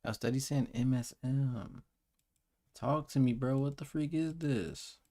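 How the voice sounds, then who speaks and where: A man's voice: mid-range voice, unhurried, mellow. A man reacting on a live stream, joking and talking to his chat in casual slang. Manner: joking, talks to chat with "bro".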